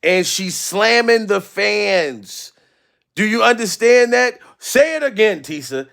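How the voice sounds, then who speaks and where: A man hosting a comedic commentary, ranting loudly and profanely with exasperation, often shouting. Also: high-pitched, expressive, slow pace, creaky. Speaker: commentary host.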